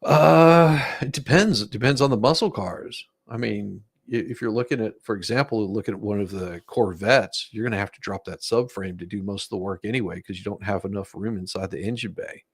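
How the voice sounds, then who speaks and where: A low-voiced man with a gravelly, husky edge chats casually on a live stream. He is easygoing, chuckles often and talks through car repair know-how. His voice is close and dry, with no room sound. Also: a little fast, hardly any pauses, no room sound.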